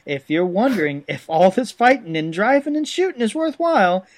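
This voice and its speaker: An overblown male announcer with a put-on Cajun drawl, as a man puts him on, selling the swamp hero like a cheesy old ad. The voice sits a little high for a man. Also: big pitch swings, normal speed. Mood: hammy, drawling. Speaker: podcast co-host. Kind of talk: comic retro booklet reading.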